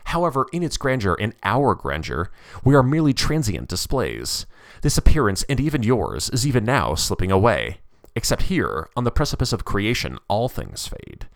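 An ancient male philosopher's spirit speaks in a low, measured, solemn voice, as a man reads him aloud. His lines rise and fall widely as he lectures. The sound is close and dry. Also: very animated, no echo. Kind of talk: dramatic reading of a story.

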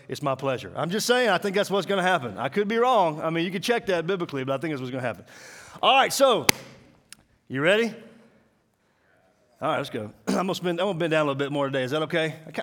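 A man from Mississippi with a Southern accent, giving a lively, joking sermon to a school audience. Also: a little high. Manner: animated, joking, drawling, talks to the crowd. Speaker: guest speaker. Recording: long hall reverb.

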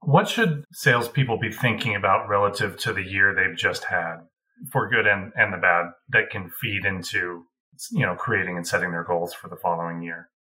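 A man hosting an interview and asking long, measured questions that frame the topic. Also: low voice, bright, forceful tone, recorded from a distance, low-quality recording. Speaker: interviewer host. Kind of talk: conversational interview.

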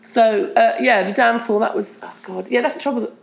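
A woman's voice: a little high, fairly even intonation, brisk, vocal fry. A woman from Britain co-hosting a casual chat, eagerly recommending films. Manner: enthusiastic, talks up films eagerly. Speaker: podcast co-host.

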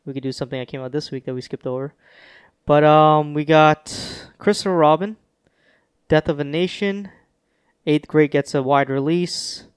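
A man's voice: fairly high pitch, smooth, dry recording, studio quality. A man hosting a movie review podcast in casual chat, easygoing and keeping the talk moving. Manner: easygoing, steers the talk along. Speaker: podcast host running the segments.

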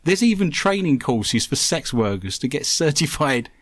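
A man's voice: a little high, very animated, moderate pace, fairly bright tone, dry recording. A man hosting a comedic radio show, cracking puns and reading out listener messages. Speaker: host.

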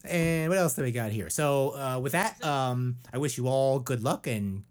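A man co-hosting a podcast speaks at medium pitch and normal speed. He rambles and jokes in casual chat, often restarting his sentences.

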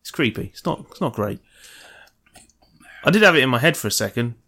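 A man's voice: mid-range voice, sing-song, fairly quick, pushed and bright. A man co-hosting a podcast, chatting casually about games with goofy, sweary jokes. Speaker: podcast co-host.

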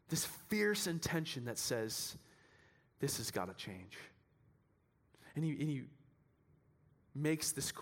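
A pastor preaching a sermon in a church, animated and building to shouts at its peaks, often restarting his sentences. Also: fairly high pitch.

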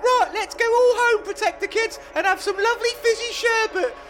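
A woman's voice: very high-pitched, moderate pace, music in the background. A woman voicing a cheeky kid superhero. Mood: triumphant. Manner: cheerful, boastful.

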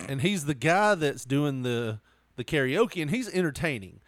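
A man's voice: fairly high pitch, lively intonation, normal speed, no room sound. A man telling a story in casual chat, laughing often and acting out quotes.

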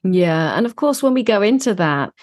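A woman's voice: medium pitch, big pitch swings, moderate pace, darkish tone. A woman co-hosting a casual podcast conversation, talking in an earnest, compassionate, reflective way. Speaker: podcast co-host.

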